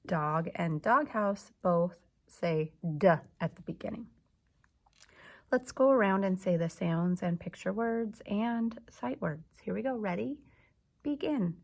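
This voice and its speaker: Slow patient teacher lady sounding out letters for little kids, bit of vocal fry. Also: mid-range voice, expressive. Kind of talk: early reading lesson for young children.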